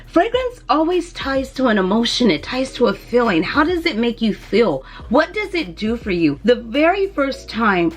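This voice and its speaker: A woman's voice: fairly high pitch, sing-song, normal speed, hardly any pauses, slightly rough. A young woman chatting animatedly in a casual beauty vlog, sometimes lilting in a sing-song way, recorded indoors at home on her camera mic. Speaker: beauty and lifestyle vlogger.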